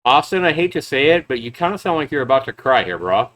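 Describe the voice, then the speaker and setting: Speaking quickly with few pauses, this man, who reviews and makes games on YouTube, mocks a rival's clips sarcastically in reaction commentary. His mid-range voice is expressive and fairly bright.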